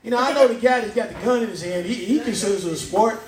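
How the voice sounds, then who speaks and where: A man's voice: high-pitched, fast, echoey room. A man performing a stand-up comedy set on a pub stage, chatting with the crowd and laughing at his own jokes.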